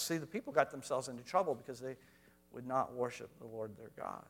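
A man preaching a sermon to a congregation, swinging between quiet asides and loud, emphatic lines. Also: mid-range voice, a little fast. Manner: reads scripture aloud, addresses congregation directly. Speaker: pastor.

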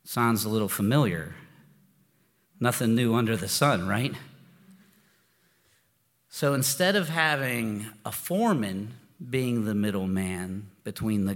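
A pastor giving a conversational sermon, informal and storytelling, often restarting his sentences. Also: fairly low pitch. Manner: informal and storytelling, with frequent restarts and "you know". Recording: long hall reverb.

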